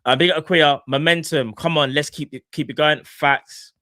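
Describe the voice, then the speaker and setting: A young man hosting a casual live fan stream, shouting out viewers in slangy talk. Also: fairly high pitch, moderate pace, no echo, studio quality. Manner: slangy, animated, shouting out chat members.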